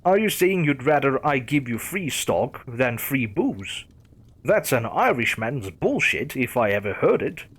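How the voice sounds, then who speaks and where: A man's voice: mid-range voice, very animated, a little slow, a bit bright, breathy edge, heavily acted. A man voicing a sardonic male killer who answers dryly and with sarcasm. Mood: sarcastic. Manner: dry, sarcastic.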